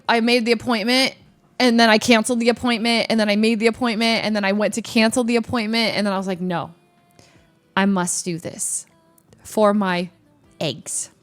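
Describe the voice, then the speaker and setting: Animated young woman telling a story. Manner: animated, acts out quotes with sudden squeaky highs. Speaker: streamer. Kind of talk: casual storytelling chat.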